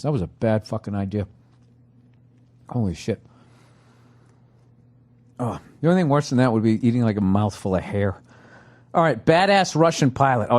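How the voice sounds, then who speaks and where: A man's voice: on the low side, darkish tone. A middle-aged man hosting a comedy podcast, ranting profanely in a casual monologue while chewing food as he talks. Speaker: podcast host.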